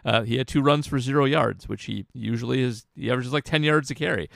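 A man co-hosting a sports podcast, analyzing football in a casual, halting way with frequent restarts. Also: mid-range voice, vocal fry, no echo, clean studio sound.

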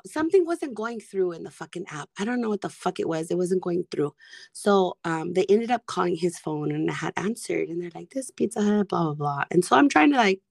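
A woman co-hosting a podcast, telling a crude story in casual chat with lots of swearing and a hoarse voice. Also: lowish voice, no echo, studio quality. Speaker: podcast co-host.

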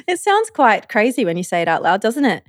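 A woman's voice: on the high side, no echo, clean studio sound. A young woman co-hosting a casual chat, playful and easygoing, laughing often. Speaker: podcast co-host.

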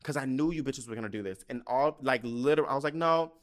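A man hosting a podcast in casual chat, animated and sassy, swearing freely and laughing often. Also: medium pitch, fast. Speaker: podcast host.

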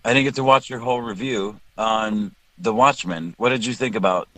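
A man's voice: on the low side, moderate pace, pushed and bright, dry recording, low-quality recording. A man from South Texas, a guest on a casual podcast call, chatty and joking, often restarting his sentences.

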